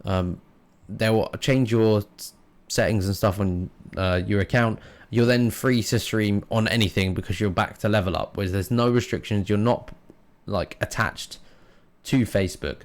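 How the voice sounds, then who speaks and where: Rambling man with a low voice. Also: moderate pace. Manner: rambling, frank, swears casually. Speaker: podcast host and streamer. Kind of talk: casual solo podcast monologue.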